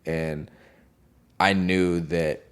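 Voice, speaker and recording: Deep-voiced man telling a story. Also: little pitch movement, drawn-out words, smooth. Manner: loose, slangy, heavy on "like". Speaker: music producer guest. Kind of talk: casual storytelling.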